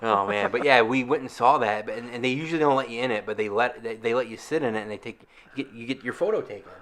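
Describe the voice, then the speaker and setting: A man's voice: mid-range voice, quick pace, a bit bright. A man in casual podcast chat, rambling through self-mocking stories and laughing often. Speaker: guest co-host.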